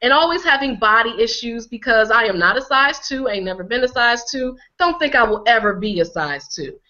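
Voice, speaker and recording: A woman from Connecticut talks with a bright, forceful voice, a little hoarse as she gets over a cold. She leans on her words and repeats them for emphasis. The audio is slightly dull and lo-fi. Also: a little high, expressive, fairly quick. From Connecticut, USA. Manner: emphatic, repeats phrases for effect. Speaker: healing coach, guest. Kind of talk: conversational interview.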